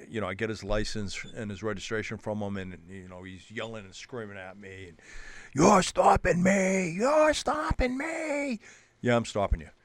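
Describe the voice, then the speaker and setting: A man's voice: on the low side, clear, resonant tone, no room sound. Rambling man telling a police story. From New Hampshire, US. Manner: rambling, many restarts, animated retelling. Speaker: police officer guest on a show. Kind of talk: casual storytelling.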